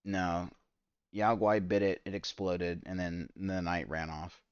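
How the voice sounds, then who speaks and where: A man streaming a game, ranting in exasperated, profane commentary that spikes loud and high. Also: little pitch movement, measured pace, clean tone, dry recording, dull audio. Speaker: gaming streamer. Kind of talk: ranting commentary while gaming.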